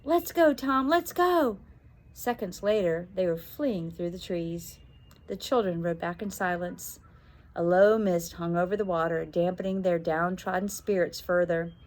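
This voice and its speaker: A woman teacher with a fairly low voice reads a children's adventure story aloud at a moderate pace. She reads expressively and raises her voice for the children's shouted lines.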